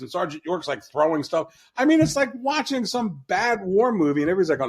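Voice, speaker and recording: A man's voice: high-pitched, very animated, quick pace, few pauses, breathy edge. A man talking bluntly on a podcast, mocking and profane, with frequent restarts. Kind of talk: casual opinionated talk.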